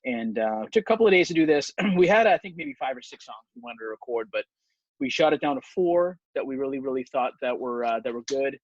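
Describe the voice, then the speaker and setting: A man's voice: medium pitch, expressive, quick pace, no echo. Rambling man on a dull dry recording. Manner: rambling with many ums. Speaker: band podcast host. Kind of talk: casual chat.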